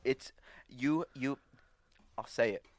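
A man's voice: medium pitch, takes it slowly. A man hosting a casual interview, enthusiastic and swearing freely. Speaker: host.

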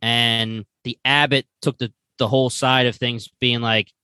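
A man hosting a casual podcast, laid-back and quick to laugh, acting out lines from the show as he talks. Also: medium pitch, level tone, sharp tone, clear, resonant tone, dry recording. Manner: laid-back, laughs easily, acts out quotes. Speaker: podcast host. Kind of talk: casual chat reviewing a TV series.

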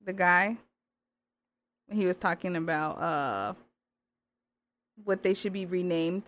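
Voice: medium pitch, slow pace, a bit bright. A podcast co-host in casual chat, chiming in with short agreeing remarks.

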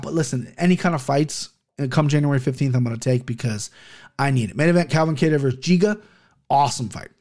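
A man's voice: fairly high pitch, a little mellow. A man hosting his own podcast in casual solo chat, rambling, swearing freely and stumbling over names. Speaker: podcast host.

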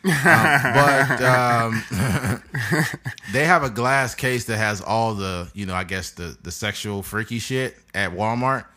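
A man's voice: mid-range voice, slow pace, bright, forceful tone. A man, hosting a podcast and telling a crude story in casual chat, laughing often. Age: 30s. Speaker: podcast host.

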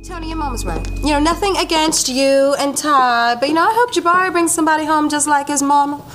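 A woman's voice: high-pitched, brisk, fairly bright tone, faint music behind, pitched above the performer's own voice. A woman voicing a proud, blunt churchgoing mother who speaks in a brassy, preachy way.

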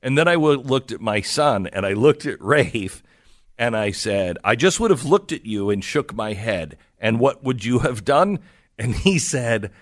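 Animated, slow-talking male radio host. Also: mid-range voice, no echo, clean studio sound. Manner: animated, laughing storyteller acting out quotes. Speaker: radio talk show host. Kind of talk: storytelling on talk radio.

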